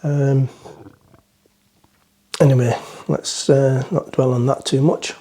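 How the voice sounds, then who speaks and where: A man's voice: medium pitch, little pitch movement, takes it slowly, dark tone. Rambling middle-aged man, chatty and self-mocking. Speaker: vlogger. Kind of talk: casual chat to camera, joke-telling. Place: on the front of a boat, outdoors.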